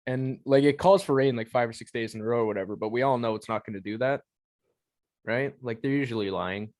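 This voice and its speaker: A man's voice: medium pitch, fast, a little mellow. A young man co-hosting a podcast in casual chat. He is laid-back and teasing, and he laughs often while he talks. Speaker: podcast co-host.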